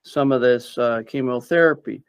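A man's voice: mid-range voice, normal speed, smooth, no echo. A man earnestly telling a personal story in a rambling, casual way. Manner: earnest, rambling, with many fillers and restarts. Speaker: interviewee sharing personal story.

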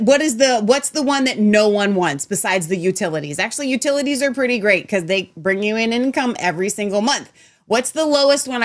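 Casting note: chatty woman co-host, rambling, animated, now and then muttering low. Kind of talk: casual political chat show.

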